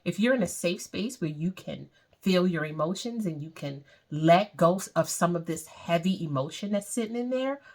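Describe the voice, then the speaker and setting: A woman's voice: lowish voice, expressive, darkish tone. A woman leading a guided meditation, speaking in a soothing, repetitive way. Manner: slow, soothing, repeats phrases.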